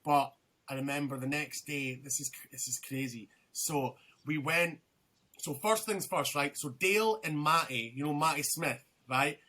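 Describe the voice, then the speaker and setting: A man's voice: on the high side, normal speed, sharp tone. A young man, a podcast guest, telling a rambling story in casual chat, swearing freely and restarting his sentences.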